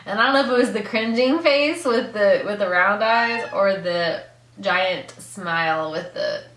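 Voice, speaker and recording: A young woman vlogger telling an excited story in a casual, gushing way, full of "like" and laughs. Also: medium pitch, unhurried, a little hiss or hum. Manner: gushing fangirl, lots of "like" and laughs. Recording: echoey room.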